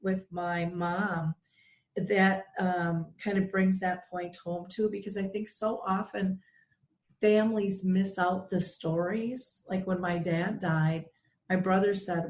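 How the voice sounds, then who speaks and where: A middle-aged woman hosts a radio show, sharing a heartfelt personal story and performing the voices of the people in it. Her pitch sits fairly low and she speaks unhurriedly, with a roomy sound and slight background noise. She tells it earnestly and emotionally, bringing the quoted voices to life.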